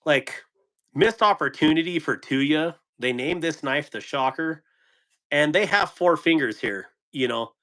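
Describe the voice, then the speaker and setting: Bright and forceful, his slightly high voice is expressive but measured in pace. The American man hosts a laid-back knife live stream, rambling, laughing frequently and replying to viewers in chat.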